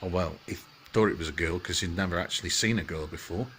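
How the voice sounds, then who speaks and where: A man telling a rambling comic bedtime story, full of halting restarts. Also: deep voice, fairly bright tone, slight background noise.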